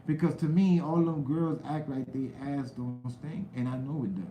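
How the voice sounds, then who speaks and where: A young man hosting a live stream, chatting loosely with viewers in slang, shouting out names from the chat. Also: medium pitch, normal speed, reverberant, slight background noise, poor audio. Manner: loose, rambling talk with slang and cursing, greets chat viewers loudly.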